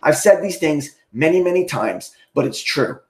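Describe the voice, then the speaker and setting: A man's voice: on the high side, animated, normal speed. A man livestreaming an angry, profane rant, ending most points with "okay?".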